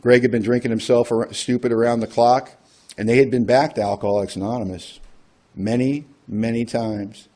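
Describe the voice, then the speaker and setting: Man, workshop speaker, mellow dark tone, casual storytelling, acts out quotes. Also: medium pitch, fairly even intonation, normal speed. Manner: conversational, acts out quoted dialogue. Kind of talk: personal storytelling talk.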